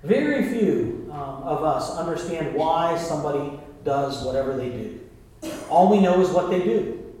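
A pastor preaches a sermon in a loose, conversational way, often calling out to his congregation. His voice sits high for a man. It rings through a big, very echoey sanctuary from a mic set well away from him. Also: lively intonation, a little slow, warm tone. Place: church sanctuary. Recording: very echoey hall, mic far off.

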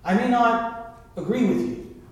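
A man's voice: extremely high pitch, expressive, a little slow. A man preaching a sermon as pastor, talking to the congregation in a conversational way and calling on them to respond. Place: church sanctuary. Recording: very echoey hall, mic far off.

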